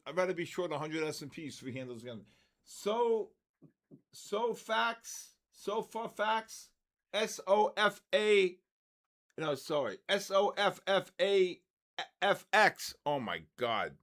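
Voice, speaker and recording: A man in his sixties chats casually on a trading livestream, calling out viewers and spelling their names letter by letter with joking exasperation. His voice is on the high side, with a fairly bright tone.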